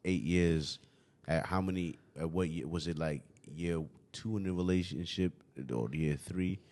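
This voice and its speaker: A man's voice: deep voice, steady tone, unhurried, a little mellow. A young man hosting a casual podcast, rambling and swearing, always adding "you know what I mean". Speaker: podcast host.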